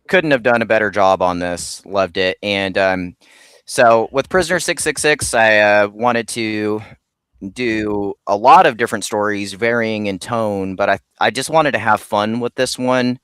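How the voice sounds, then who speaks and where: A man's voice: on the low side, a bit bright, clear, resonant tone, dry recording. A man talking as a guest in a casual interview, rambling with many ums and restarts. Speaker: comic creator guest.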